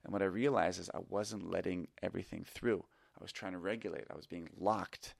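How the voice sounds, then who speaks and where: A man's voice: sits low, steady tone, fairly quick, gravelly, dry recording, clean studio sound. A middle-aged man who teaches improv tells a personal story in a reflective, candid and self-critical way. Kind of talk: confessional storytelling.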